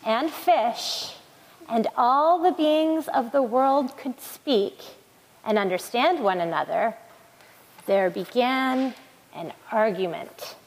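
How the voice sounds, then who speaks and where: Expressive woman reading a storybook. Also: a little high. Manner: slow, soothing, expressive reading. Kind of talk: scripted storybook narration. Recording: long hall reverb.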